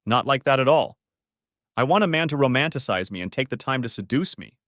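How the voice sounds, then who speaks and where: A man reading a story aloud, voicing an emotional, tearful wife with shrill, pleading outbursts. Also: animated, fairly quick, fairly bright tone, dry recording, clean studio sound, close to an everyday voice.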